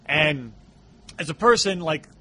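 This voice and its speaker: Bright-voiced man chatting on a podcast. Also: on the high side, animated, a little slow. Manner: rambling, filler-heavy, loose retelling. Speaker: podcast co-host. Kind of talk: casual movie discussion.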